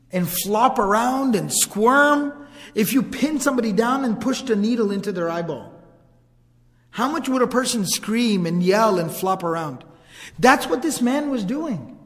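Guy teaching a class, chatty storyteller vibe, high voice, long echo in a big hall. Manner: casual, conversational, vivid retelling with asides. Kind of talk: storytelling lesson.

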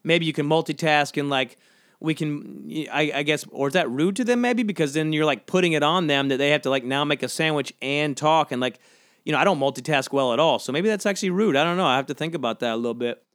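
A man's voice: on the high side, fast talker, fairly bright tone, no echo, studio quality. A man from the American South hosting a casual solo podcast, rambling and questioning himself with lots of fillers. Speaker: podcast host.

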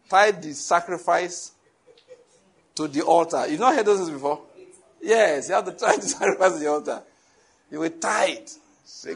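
A man preaches to his congregation, laughing often and tossing questions at the listeners. His voice sits a little high and sounds husky. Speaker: pastor. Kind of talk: sermon.

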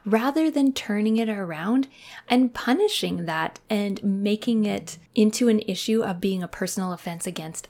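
A woman in her thirties hosting a casual podcast monologue, earnest and reflective, often dropping into a soft whisper. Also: mid-range voice. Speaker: podcast host.

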